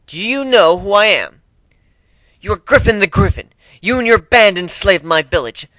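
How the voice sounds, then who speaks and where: A man's voice: sits high, expressive, moderate pace, bright, forceful tone, dry recording, voice pushed up, poor audio. A man voicing a fierce young cat-woman tribal warrior who speaks in a proud, accusing, formal way. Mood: furious.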